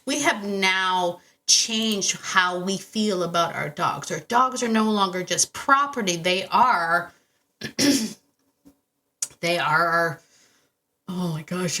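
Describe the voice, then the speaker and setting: A woman's voice: on the low side, bright, forceful tone. A woman hosting her podcast from a home podcast room, talking casually and animatedly with many asides and self-interruptions. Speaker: podcast host and dog trainer. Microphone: podcast microphone on a stand.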